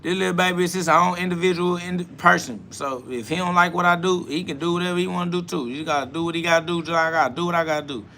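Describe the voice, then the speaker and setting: A man hosting a live self-talk podcast, with a bright, slightly high voice. He preaches bluntly and profanely, keeps saying "facts" and answers viewers' comments. Faint background noise sits behind him. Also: steady tone, quick pace, hardly any pauses. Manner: answers chat comments aloud.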